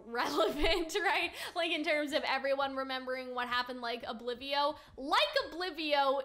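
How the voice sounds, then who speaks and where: Bright, high-voiced chatty woman. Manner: chatty, fast filler-heavy talk with frequent giggles. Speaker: YouTuber cartoon theorist. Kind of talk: casual commentary.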